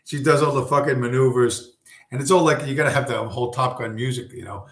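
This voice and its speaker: A man's voice: mid-range voice, fast talker, fairly bright tone. Profane, rambling man with roomy echo. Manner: profane, rambling, full of fillers. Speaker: streamer. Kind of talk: casual rambling monologue.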